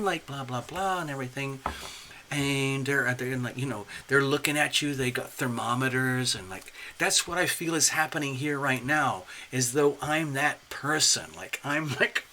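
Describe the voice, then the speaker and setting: A man hosting a live-stream tarot reading, chatty and excitable, talking straight to viewers and clients. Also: medium pitch, normal speed, a little hiss or hum. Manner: chatty, excitable, laughs often. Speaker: tarot reader, channel host.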